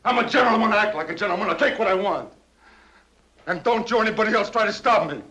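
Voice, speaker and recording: A man's voice: high voice, expressive, quick pace, sharp tone, rough recording. An actor playing an arrogant, defiant young man in old film dialogue, cocky and challenging.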